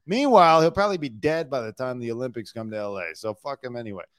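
A middle-aged man co-hosting a loose chat, blunt, sarcastic and quick to swear. His voice sits at an ordinary male pitch and is recorded dry, with almost no room sound. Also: expressive, fairly bright tone, no echo. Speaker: co-host, former celebrity news producer. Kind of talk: casual chat.

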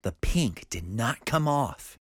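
A woman reading a children's picture book aloud with lively expression. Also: a bass voice, slow pace, breathy edge, no room sound, clean studio sound. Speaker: storybook reader.

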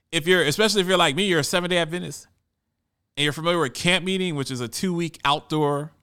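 A man talking in a casual, conversational monologue, animated and often repeating words as he goes. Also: fairly high pitch.

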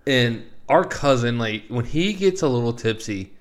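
A man's voice: medium pitch, animated, normal speed. A young man co-hosting a podcast who laughs easily and draws stories out of his co-host. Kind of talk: casual chat.

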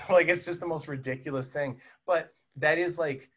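A man's voice: on the high side, normal speed. Chatty man reviewing a film. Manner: chatty, animated retelling with many fillers. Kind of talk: casual film discussion.

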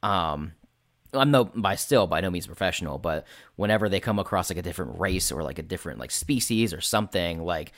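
Low-voiced man chatting casually. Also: expressive, brisk, a bit bright, no room sound, studio quality. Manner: rambling, swearing, filler-heavy. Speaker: game master and podcast host. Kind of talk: casual chat.

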